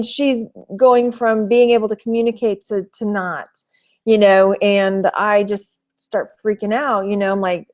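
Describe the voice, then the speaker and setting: A middle-aged woman from Texas speaks in a slightly high voice, chatting casually to viewers of a live stream. She rambles, fills pauses with "you know" and "um," and stops to greet people in the chat. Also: a little mellow. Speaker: thrift reseller vlogger.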